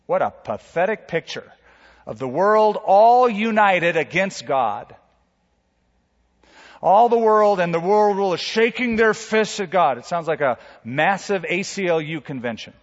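A man's voice: high-pitched, very animated, a little slow. Dramatic preaching man in an echoing hall. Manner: dramatic preaching with sudden loud and soft swings. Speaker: pastor. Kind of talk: sermon. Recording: dull sound with long hall reverb.

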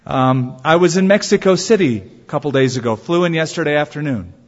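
A man's voice: on the high side, animated. Man preaching in a reverberant hall. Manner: storytelling, drawn-out emphatic phrases. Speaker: pastor. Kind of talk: sermon. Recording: dull sound in a reverberant hall.

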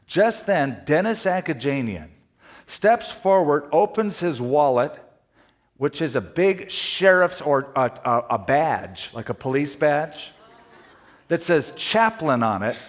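Animated storytelling preacher, a man. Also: a little high, slow pace. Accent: Californian. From California. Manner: animated storyteller, laughing through anecdotes. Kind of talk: sermon with storytelling.

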